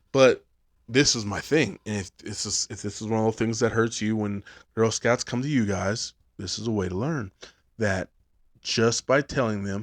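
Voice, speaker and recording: A man's voice: lowish voice, a little slow, dry recording. A man hosting a podcast, telling a rambling, profane comic story full of "like". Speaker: podcast host. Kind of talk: casual comedic storytelling.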